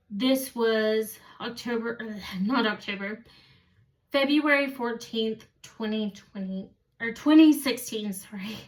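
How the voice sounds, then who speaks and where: A woman's voice: on the high side, distant mic. A woman telling a story in a casual, rambling way, often stopping to correct herself. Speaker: vlogger.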